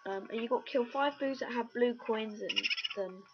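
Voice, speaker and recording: A female gameplay commentator with a somewhat high voice chats at a moderate pace, casually joking and rambling through a let's play. Recorded on a webcam or computer mic, the audio is dull and lo-fi, with a little hiss or hum and loud game music.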